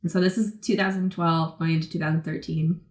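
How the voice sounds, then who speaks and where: A woman in her twenties from the Boston area, telling stories in a casual interview, talking fast and loose with lots of "like" and acted-out quotes. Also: low-pitched, steady tone, darkish tone, echoey room. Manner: chatty, many "like" fillers, acts out quotes. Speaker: guest, pro skateboarder.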